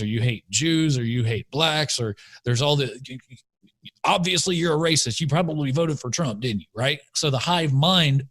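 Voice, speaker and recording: A man's voice: mid-range voice, fairly bright tone. Opinionated man co-hosting a podcast. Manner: opinionated, argumentative. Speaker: podcast co-host. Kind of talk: casual chat. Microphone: studio mic.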